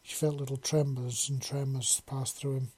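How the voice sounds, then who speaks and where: A man narrating a storybook chapter in a calm, unhurried, even way. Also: mid-range voice, husky. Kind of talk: storybook reading.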